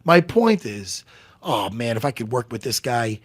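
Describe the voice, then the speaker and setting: A man co-hosting a casual studio chat, animated, joking and swearing freely. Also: medium pitch, measured pace, breathy edge, dry recording. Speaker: co-host and fight analyst.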